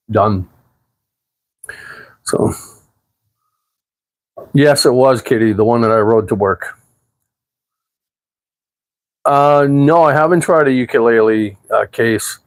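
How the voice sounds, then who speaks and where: A man, chatting casually on a livestream, rambling and relaxed, with plenty of fillers and the odd swear word. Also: mid-range voice. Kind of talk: casual livestream chat answering viewers. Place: apartment at home.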